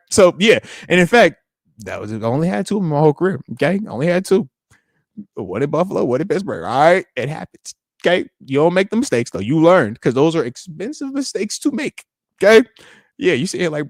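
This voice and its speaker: A man in his late thirties hosts a live podcast, chatting to viewers in a lively, back-and-forth way. His voice sits a little high for a man. The recording is close and dry. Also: brisk, dry recording. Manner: animated, repeats tag questions, talks to the chat. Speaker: podcast host, retired football player.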